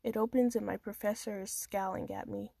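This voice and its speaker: A woman's voice: medium pitch, fairly even intonation, fairly quick, vocal fry, mellow, husky, no room sound. A woman reading her own first-person story aloud in a casual amateur manner, with small stumbles and restarts.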